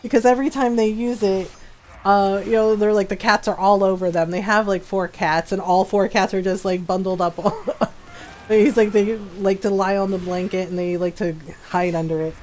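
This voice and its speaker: A woman's voice: mid-range voice, fairly even intonation, moderate pace, a little mellow, a little hiss or hum. A woman live-streaming a game, chatting casually and reading and answering her chat as she tells a story.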